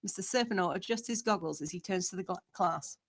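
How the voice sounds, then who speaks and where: A woman's voice: on the low side, fast. Woman reading a screenplay aloud. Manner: steady, descriptive. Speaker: narrator.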